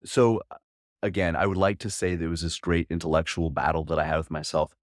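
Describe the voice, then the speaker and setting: A man's voice: deep voice, little pitch movement, brisk, no room sound, studio quality. A man in his forties, a podcast guest and coach, telling a personal story in an earnest, candid way with frequent restarts.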